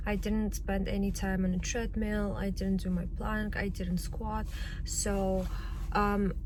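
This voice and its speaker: A young woman talks to her camera in a relaxed, chatty vlog manner. She takes her time over every phrase and drops in little laughs. The camera mic catches steady noise around her. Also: medium pitch. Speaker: vlogger. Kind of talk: casual vlog chat.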